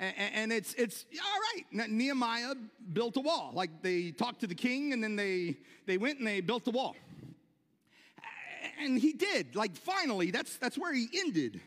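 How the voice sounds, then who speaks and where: A man preaching a sermon to his church, animated, repeating words and shouting when excited. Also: extremely high pitch, in a large hall. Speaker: pastor. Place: church sanctuary.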